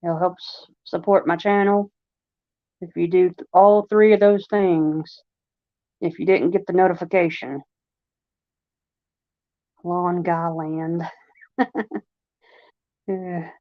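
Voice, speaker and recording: A woman with a Long Island accent chats slowly and rambles through a casual livestream, her voice a little low. The sound is dry and slightly dull, like a lo-fi home recording. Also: fairly even intonation, no echo. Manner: rambling, chatty, heavy use of fillers. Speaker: livestream host.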